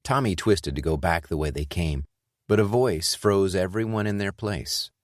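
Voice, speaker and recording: Male narrator, thriller audiobook, very deep voice, dry booth, measured delivery. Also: no room sound. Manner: measured, even reading. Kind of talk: scripted narration.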